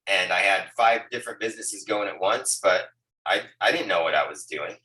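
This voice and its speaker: A man leading a sales team call with high energy, often stopping to ask "right, guys?". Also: normal speed, reverberant, far from the mic, poor audio. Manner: energetic, repeats words, asks "right, guys?". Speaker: agency leader hosting a team call. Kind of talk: motivational team huddle. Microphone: Bluetooth earbuds on a video call.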